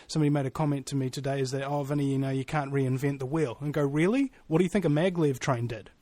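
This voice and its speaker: A man's voice: mid-range voice, fast, warm tone, no room sound. A man hosting a radio talk show, talking in a blunt, fired-up motivational way. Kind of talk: casual radio chat.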